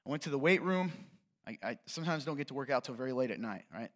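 A man's voice: mid-range voice, animated, quick pace, fairly bright tone. A man preaching in an easygoing, conversational way, as a pastor speaking directly to his congregation. His voice sits in an ordinary middle register. He drifts into rambling side comments and pokes fun at himself. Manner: self-deprecating, rambling asides, talks directly to the congregation. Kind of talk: casual conversational sermon.

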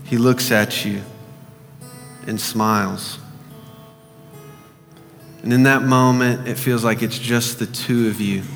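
A male pastor leading a slow, gentle guided meditation in a sermon. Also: mid-range voice, fairly even intonation. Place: church sanctuary. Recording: church hall reverb with soft guitar.

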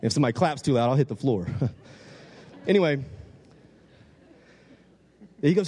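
A man's voice: fairly high pitch, normal speed, pauses often. A man from Louisiana, telling a funny story to an audience from the stage and acting out the voices. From Louisiana, USA. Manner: animated, joking, acts out quoted voices. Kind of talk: humorous storytelling talk to an audience. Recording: long hall reverb.

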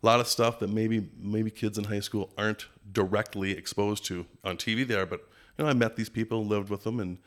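A middle-aged man from Minnesota, a podcast guest telling stories in a casual, animated way and sometimes doing playful impressions. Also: lowish voice, a little fast, hardly any pauses. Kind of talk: casual storytelling interview.

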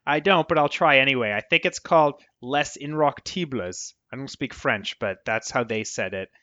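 An American man, an author guest in a casual interview, talking in an animated, digressive way. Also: medium pitch, brisk, dry recording, highs cut off.

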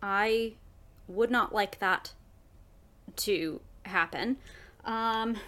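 A woman player in a tabletop game, speaking in a thoughtful, deliberate way in and out of character. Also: medium pitch, pushed and bright. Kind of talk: playing a tabletop game, casual chat.

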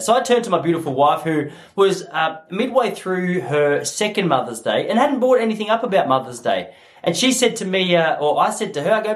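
Animated Australian man ranting comedically. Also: on the high side, fairly quick. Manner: animated storytelling, swears freely. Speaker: podcast host. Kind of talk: comedic monologue to listeners.

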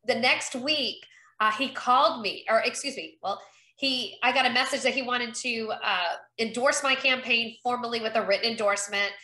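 Echoing in a roomy space, a woman from North Carolina who is running for Congress chats cheerfully in a casual interview and acts out the conversations she quotes. Her voice sits on the high side, pushed and bright, at a moderate pace.

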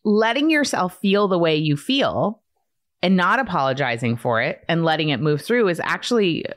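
A woman co-hosting a podcast in a casual, heartfelt chat, with a slightly low voice. She talks earnestly and reflectively, with fillers and restarts. The sound is close and dry. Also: expressive, moderate pace, dry recording. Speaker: podcast co-host.

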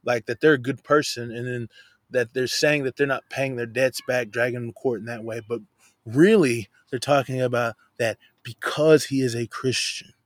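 A man walks through a scripture passage in a relaxed, talky way, leaning hard on key words and tossing in slangy asides. His voice sits at an ordinary middle pitch. The sound is dry and close, with no room echo. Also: normal speed. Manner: conversational and emphatic, slangy asides. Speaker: Bible teacher. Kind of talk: casual verse-by-verse Bible teaching.

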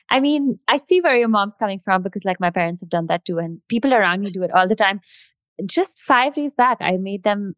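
A woman's voice: medium pitch, dry recording. Reflective young woman, dry close sound. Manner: thoughtful, reflective, hedging. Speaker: singer and podcast guest. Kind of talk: casual chat.

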